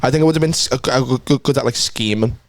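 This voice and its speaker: A man co-hosts a casual podcast chat, talking in a crude, joking way. He laughs often as he goes. His voice sits at a middle pitch. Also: quick pace, no echo. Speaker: podcast co-host.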